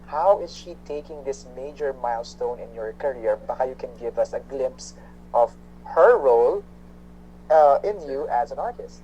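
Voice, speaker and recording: A man hosting an interview, reading out viewer questions in a measured way, mixing English and Tagalog. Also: medium pitch, lively intonation, mellow, muffled recording, slight background noise. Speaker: interview host.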